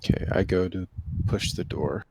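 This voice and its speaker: A man's voice: sits low, moderate pace, creaky, noisy background. A man playing a tabletop game, asking careful questions before acting. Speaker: player. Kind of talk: casual tabletop game chat.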